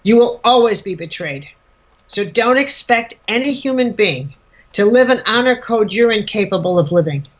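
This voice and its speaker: A woman voicing a calm, defiant male religious teacher who speaks bluntly and unhurriedly, in close to her own voice. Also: mid-range voice, normal speed, close to an everyday voice. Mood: stern.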